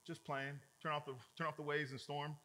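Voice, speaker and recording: A man voicing a calm divine figure who gently chides and teases a frightened follower. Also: on the high side, a little fast.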